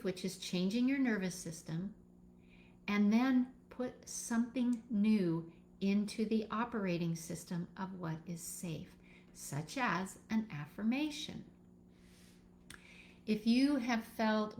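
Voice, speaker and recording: Her voice a little high, a woman leads a live class as a birth educator, pausing as she walks her audience through each step in a calm, instructive manner.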